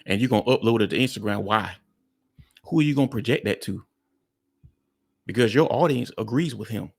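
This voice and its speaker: A man's voice: lowish voice, expressive, a little fast, gravelly, husky. A man hosting a reaction commentary, talking bluntly and mockingly to his viewers. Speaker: commentary host.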